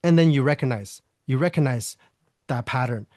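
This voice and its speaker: A man speaks in a dry, close recording with a middle-pitched voice, musing through ideas on inner work. He thinks aloud, restarting sentences, asking himself rhetorical questions and slipping in small laughs as he goes. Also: moderate pace, mellow, dry recording. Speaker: guest teacher on nonduality. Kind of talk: reflective spiritual conversation.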